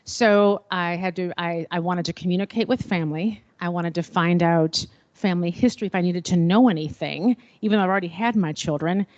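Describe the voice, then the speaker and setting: A middle-aged woman telling a personal story at a panel, expressive and acting out remembered dialogue. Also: fairly low pitch, fairly quick, no echo, dull audio. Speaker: panel speaker.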